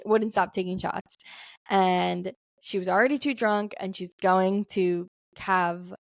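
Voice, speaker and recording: A woman's voice: mid-range voice, no room sound. Young woman podcast co-host, chatty storyteller, dry close sound. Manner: chatty, lots of "like" fillers, laughs often. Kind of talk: casual storytelling chat.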